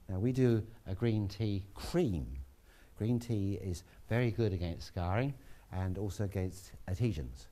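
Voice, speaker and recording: A man giving a relaxed, chatty classroom lecture, with asides to students. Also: sits low.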